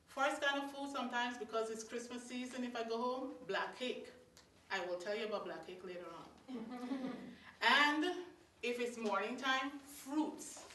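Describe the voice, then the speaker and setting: A woman from Guyana with a Guyanese accent, telling stories to a live audience in a lively, chatty way, laughing between lines. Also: on the high side, slight background noise. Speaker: storyteller. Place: meeting hall of a religious society. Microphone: distant room mic. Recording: echoey hall from far off.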